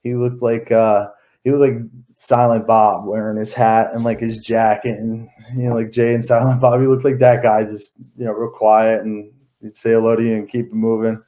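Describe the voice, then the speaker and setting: A man's voice: fairly low pitch, level tone, moderate pace, dark tone. A man in his thirties, an interview guest, telling stories in a rambling casual way with many fillers and restarts.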